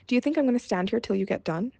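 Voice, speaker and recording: A woman's voice: on the high side, lively intonation, racing, vocal fry, dark tone, no room sound. A woman reading as a stubborn grumbling peasant man. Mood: angry. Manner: blustering, exasperated.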